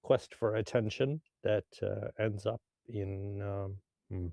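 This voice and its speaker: A man's voice: lowish voice, fairly even intonation, slow pace, creaky, warm tone, no room sound, clean studio sound. A man on a casual podcast teasing and needling his co-host.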